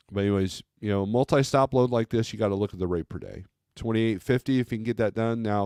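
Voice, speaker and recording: Man, trucker livestream host, casual rambling chat, low voice, dry sound, wry asides. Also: a little mellow, dry recording. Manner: rambling, reads viewer comments aloud, wry asides. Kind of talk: casual livestream chat reviewing freight loads.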